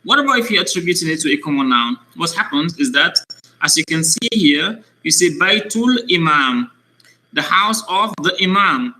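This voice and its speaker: A male Arabic teacher with a high voice and a very bright, sharp edge to it. He talks patiently and repeats words slowly so a young student can follow. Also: expressive, low-quality recording. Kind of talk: one-on-one language lesson for a child.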